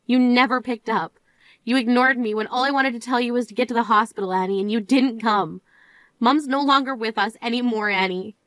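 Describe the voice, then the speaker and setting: A woman's voice: fairly high pitch, brisk, fairly bright tone, no echo, lightly acted. A woman voicing Rita, a scolding grieving sister. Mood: reproachful. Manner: reproachful, exasperated, scolding. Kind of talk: dramatized story voice acting.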